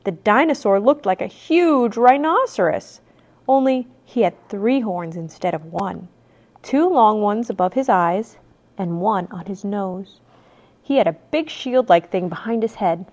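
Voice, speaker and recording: A woman, a mother, reading a children's chapter book aloud in an expressive, animated way. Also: mid-range voice, unhurried. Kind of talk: storybook read-aloud.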